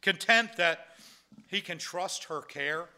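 A man's voice: sits high, slow pace, sharp tone. A man preaching a sermon in a conversational way, asking rhetorical questions and restarting his sentences. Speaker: pastor.

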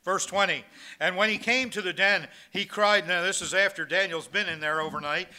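A man with a high-sitting voice and a sharp tone preaches a sermon as pastor at a normal speed. He reads scripture in King James wording, and his speech is full of fillers and restarts.

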